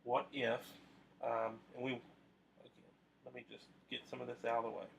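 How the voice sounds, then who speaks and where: A man's voice: medium pitch, flat delivery, brisk, gravelly, fairly bright tone. A man teaching a video math lesson to his students, talking conversationally with frequent fillers and restarts.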